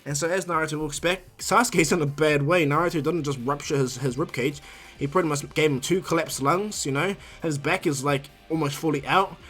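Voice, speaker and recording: Male storyteller, casual and rambling, slightly high voice, faint music. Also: a little fast, a bit bright. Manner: casual, rambling, many restarts. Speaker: fan storyteller. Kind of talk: fan what-if story narration.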